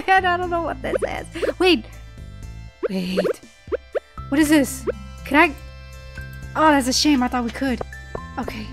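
Eine Frau, die locker und aufgeregt ein Spiel kommentiert, oft nach Luft schnappt und kichert. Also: female voice, high-pitched, a little slow, long pauses, poor audio. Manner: excitable, gasping and giggling often. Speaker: gaming channel host. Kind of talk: casual gameplay commentary. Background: soft game music.

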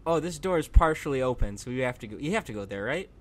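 A man's voice: medium pitch, expressive, fairly quick. A man narrating his horror game playthrough with jokes, talking to the game and yelping and screaming when startled. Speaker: gameplay commentator. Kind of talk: horror game let's play commentary.

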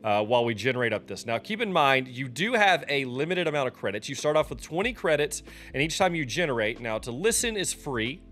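A man talking through a software tutorial in a casual, loose way, often pausing with ums and restarting his sentences. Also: medium pitch, sing-song, soft background music. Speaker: streamer teaching a software tutorial. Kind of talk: casual screen-recorded tutorial.

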